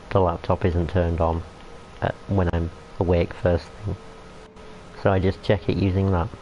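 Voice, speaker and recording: A young man rambling in casual chat while streaming a train game, talking to the characters on screen. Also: low-pitched. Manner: rambling, chatty, talks to the game. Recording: muffled lo-fi, faint hiss.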